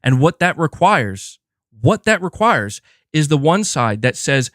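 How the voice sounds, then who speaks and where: A man's voice: a little high, unhurried, no room sound, studio quality. Ranting man hosting a gaming stream. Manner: animated rant, heavy filler words, swears freely. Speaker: gaming podcast host. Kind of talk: casual livestream commentary.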